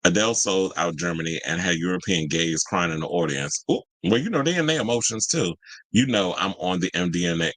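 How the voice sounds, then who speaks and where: A man in his forties hosting a casual pop-culture chat, sassy and animated, swinging his pitch up into exclaimed asides. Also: fairly quick, dry recording. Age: 40s. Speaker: podcast host.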